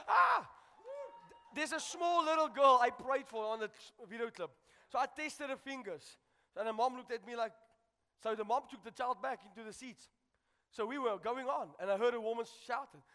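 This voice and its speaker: A man preaching with a very high, bright voice, shouting and fervent as he repeats his lines. He is in a large church hall, and the long reverb rings out behind every phrase. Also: a little fast. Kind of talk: sermon.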